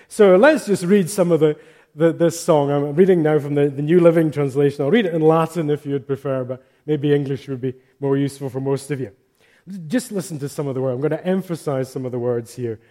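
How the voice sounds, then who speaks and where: Male pastor, mellow tone, slightly high voice, chatty and joking, reads scripture with emphasis. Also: steady tone, a little fast. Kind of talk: sermon.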